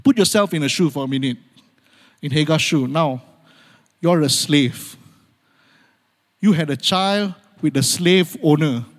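A man delivers a sermon in a slightly high voice that carries a long reverb through a large hall. He moves between urgent, rising appeals and quiet, hushed moments, repeating key phrases and calling out amen. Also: unhurried, long pauses. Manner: dramatic swings from loud urgency to hushed near-whispers. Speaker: pastor.

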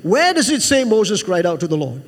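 A man's voice: high voice, sing-song, moderate pace, in a large hall. A man preaching a sermon to a church, emphatic and repetitive, calling out to the congregation for an amen. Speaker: pastor.

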